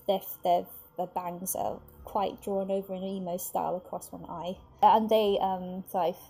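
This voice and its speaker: Husky woman narrating a game. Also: medium pitch. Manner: lively, with many fillers and restarts. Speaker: game master.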